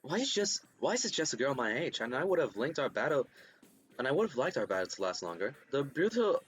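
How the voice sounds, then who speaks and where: A man voicing a serious young woman student and team leader who speaks in a measured, formal way, with faint music behind. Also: mid-range voice, big pitch swings, natural voice.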